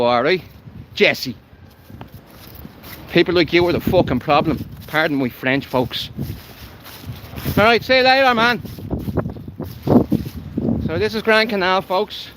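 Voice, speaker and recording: Walking his dog by a canal, an Irish man with a slightly high voice livestreams a walking vlog, talking bluntly and heatedly with plenty of swearing. Background noise can be heard.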